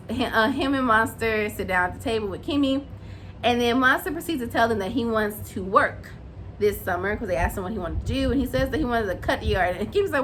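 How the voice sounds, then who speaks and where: A woman giving an animated, opinionated recap of a reality show and acting out what the cast said. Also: on the high side, brisk, a little hiss or hum. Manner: animated, opinionated, acts out quotes. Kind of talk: casual recap and commentary.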